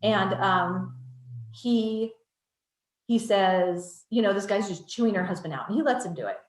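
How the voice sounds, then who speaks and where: A woman trainer telling a true story in an earnest, gentle presentation voice. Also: mid-range voice, a little slow. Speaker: child advocacy trainer. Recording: roomy echo.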